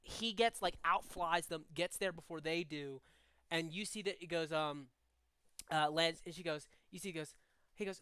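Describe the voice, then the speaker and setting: Young man, game master narration, rambling with fillers, smooth voice, dry close sound. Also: on the high side, normal speed, bright, forceful tone, no echo. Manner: rambling, hesitant, many fillers.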